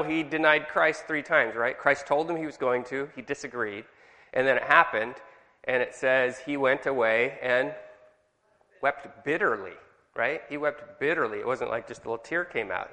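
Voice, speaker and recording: Bright-voiced Californian man leading a study. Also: medium pitch, long reverb tail. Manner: chatty, asks the group questions. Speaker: Bible study leader. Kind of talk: teaching a church study group.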